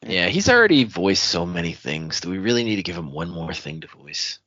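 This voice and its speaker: Joking podcast guy, lively up and down voice, dry dull audio. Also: deep voice, a little fast, no room sound. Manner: joking, laughs often. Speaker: podcast co-host. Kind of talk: casual chat.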